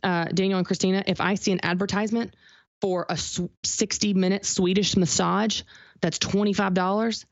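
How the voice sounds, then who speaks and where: A woman's voice: medium pitch, fairly even intonation, moderate pace, dry recording, highs cut off. A woman being interviewed, giving emphatic motivational business advice and repeating her main points. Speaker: guest, business author.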